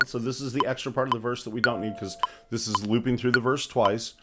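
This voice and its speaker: A man hosting a casual livestream music tutorial, his voice hoarse from phlegm, thinking aloud and narrating each step of his work with small restarts. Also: mid-range voice, steady tone, quick pace. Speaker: livestream host.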